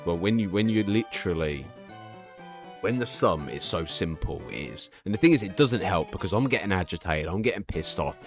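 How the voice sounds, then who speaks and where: A man in his thirties chatting casually on a live stream, telling a candid, profane, rambling story full of restarts. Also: deep voice.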